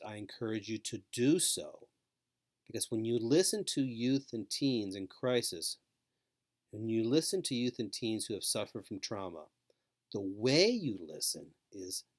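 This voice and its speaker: A man giving a scripted training lecture to caregivers, speaking slowly with calm, repetitive emphasis. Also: lowish voice. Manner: slow, repetitive, soothing emphasis.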